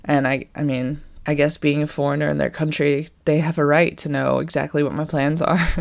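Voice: mid-range voice, level tone, normal speed, gravelly. A person in their twenties with an American accent, chatting casually and rambling about life abroad. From United States. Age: 20s.

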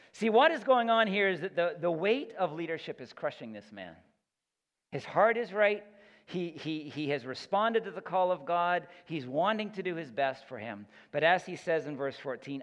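A pastor delivers his sermon in a slightly high voice, earnest and emphatic, repeating words as he works toward each point. The sound carries a long hall echo. It comes through a dull, lo-fi recording. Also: expressive, moderate pace, fairly bright tone.

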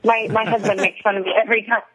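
A woman guest talking through an interview, chatty and quick to laugh, often restarting her sentences. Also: medium pitch, little pitch movement, a bit bright, breathy edge. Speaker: actress guest. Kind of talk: casual interview over a phone line. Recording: tinny phone line.

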